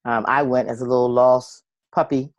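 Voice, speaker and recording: A woman hosts a casual interview, encouraging and chatty, with frequent small affirmations. Her voice is extremely low for a woman. The sound is dry and close. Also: level tone, moderate pace, no room sound, lo-fi sound.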